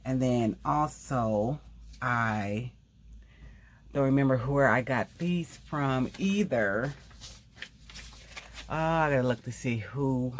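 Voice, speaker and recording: A woman hosting a craft video, talking quickly in a rambling, casual way and often correcting herself mid-sentence. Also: rumbling low, slight background noise. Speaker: craft channel host. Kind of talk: casual craft tutorial chat.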